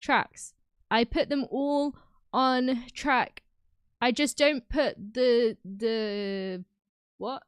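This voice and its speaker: A woman's voice: fairly high pitch, drawn-out words, clear, resonant tone, no room sound, studio quality. A young woman streaming, chatting casually with her viewers, bubbly and giggly, often breaking into laughter. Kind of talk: casual chat with live chat.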